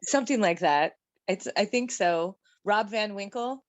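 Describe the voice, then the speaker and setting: A woman's voice: mid-range voice, unhurried, no echo. Playful woman guest, dry close sound. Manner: laughs easily, wry, playful. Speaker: guest, former radio host. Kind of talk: casual chat.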